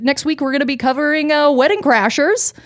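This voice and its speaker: Animated woman comedian telling stories. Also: high-pitched, a little fast. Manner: animated, swears freely, laughs often. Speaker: podcast co-host and comedian. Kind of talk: casual comedic storytelling.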